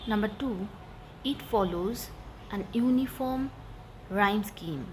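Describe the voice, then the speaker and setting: A woman talks through a literature lesson at an unhurried pace. She is careful and deliberate, and leans on the syllables she wants heard. Clear background noise runs under the voice-over. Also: mid-range voice, darkish tone. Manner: slow, deliberate, stresses key syllables. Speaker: teacher. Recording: noisy voice-over.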